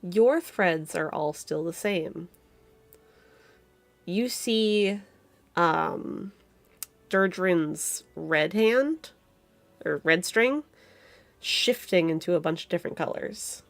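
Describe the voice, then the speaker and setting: A woman narrating as game master of a tabletop game, describing scenes slowly with fillers. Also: on the low side, animated, creaky, dry recording.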